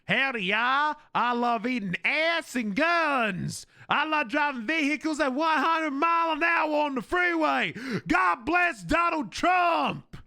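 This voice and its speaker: Man putting on a brash Southern American caricature, high, yelling, slow drawl. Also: lively intonation, vocal fry, dry recording, clean studio sound, exaggerated voice. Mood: boastful. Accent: put-on Southern American. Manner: drawling, shouting.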